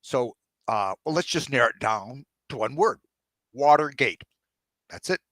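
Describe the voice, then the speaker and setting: A man reading his novel aloud, voicing a boozy, blustering aging president who bosses his staff loudly. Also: mid-range voice, expressive, unhurried, no room sound. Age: older. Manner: loud, bossy, swaggering.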